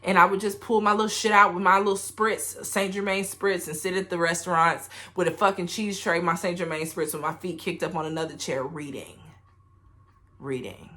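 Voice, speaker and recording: A woman's voice: lowish voice, steady tone, normal speed, pushed and bright. A woman, casually telling travel stories to her camera in a candid, profane, chatty way. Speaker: travel vlogger.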